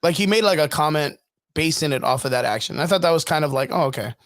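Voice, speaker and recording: A man's voice: on the high side, quick pace, a bit bright, no echo, clean studio sound. A man co-hosting a live stream chat in an easygoing, agreeable way. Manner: easygoing, agreeable, laughs often. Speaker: co-host. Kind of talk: casual chat.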